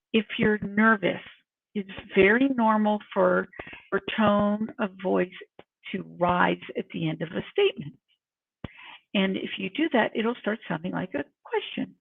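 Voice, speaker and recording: A middle-aged woman coaching on workplace confidence. Her voice is fairly high, husky and gravelly, and she talks in a chatty, self-mocking way. The sound is tinny and phone-like, picked up from some way off the mic. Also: recorded from a distance. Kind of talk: casual tips talk to camera.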